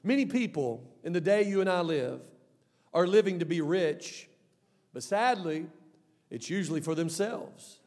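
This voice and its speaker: Male pastor, high voice, emphatic sermon, long reverb of a church hall. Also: expressive, measured pace. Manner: emphatic, swings between soft and loud. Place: church sanctuary.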